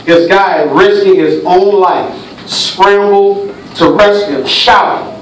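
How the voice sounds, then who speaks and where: High-voiced preacher man in echoey church. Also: fairly even intonation, takes it slowly. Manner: dramatic storytelling preaching, swinging between hushed and shouted. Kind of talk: sermon. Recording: echoey church hall from far off, faint hiss.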